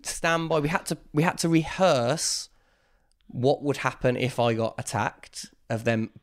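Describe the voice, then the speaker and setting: A man, a guest in a casual interview, telling a story with lively quoted voices. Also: mid-range voice, unhurried.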